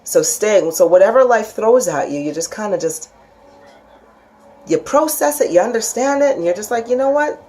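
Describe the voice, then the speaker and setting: A woman talking through a spiritual lesson in a loose, chatty way. She keeps restarting her sentences and slips into animated, higher voices when she quotes people. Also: moderate pace. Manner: chatty, acts out quoted voices with big pitch jumps; frequent restarts and laughs. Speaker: spiritual teacher. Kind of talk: casual spoken lesson.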